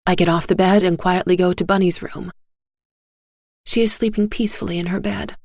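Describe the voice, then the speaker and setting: A woman narrating a first-person story in a measured, gentle reading style. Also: on the low side, fairly even intonation, no echo, clean studio sound.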